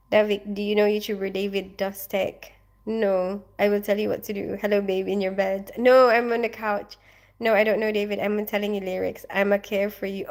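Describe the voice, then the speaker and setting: With a medium-pitched voice touched by vocal fry, this young livestream host from the Philippines keeps things chatty and laughs a lot. She reads out comments and welcomes viewers by name.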